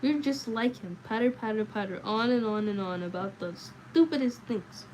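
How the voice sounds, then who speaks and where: A sulky girl from a storybook who snaps back with sarcasm, voiced by a woman reading aloud. Her lines come out higher and sharper. The underlying tone stays mellow. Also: normal speed, slight background noise, close to an everyday voice, rough recording. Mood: snappish. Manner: snappish, sarcastic.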